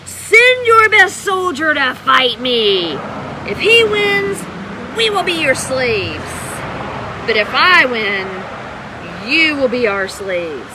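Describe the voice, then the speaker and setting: Lady doing a big mean giant guy, slow loud bellowing taunts, kinda high, noisy background. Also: animated. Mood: taunting. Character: boastful, bullying male giant soldier.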